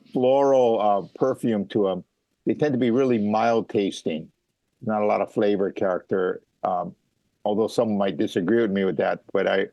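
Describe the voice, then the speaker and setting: A man's voice: fairly low pitch, creaky, darkish tone, no echo, lo-fi sound. A middle-aged man from Hawaii, a mango farmer being interviewed, who explains things casually with many fillers and restarts.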